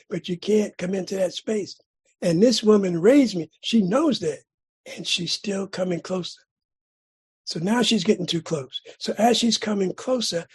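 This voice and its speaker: Brief: middle-aged man, deeply husky, from California, recovery-meeting speaker, dramatic and repetitive. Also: a little mellow. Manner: dramatic storyteller, repeats phrases for emphasis. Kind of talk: personal recovery story share.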